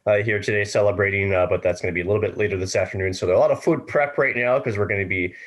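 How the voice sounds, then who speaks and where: A man's voice: on the low side, rapid-fire. A man co-hosting a podcast, laid-back and dryly joking in casual chat. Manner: laid-back, many "uh" fillers, dry joking. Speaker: podcast co-host.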